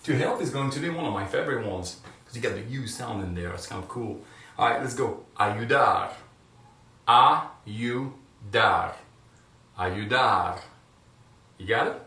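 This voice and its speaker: An encouraging male teacher runs a video lesson and belts out words for his viewers to repeat. His voice has a middle pitch. It bounces around an echoey room and sounds a little far from the mic. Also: lively intonation, quick pace. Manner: encouraging, loud drilled repetitions. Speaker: Spanish teacher.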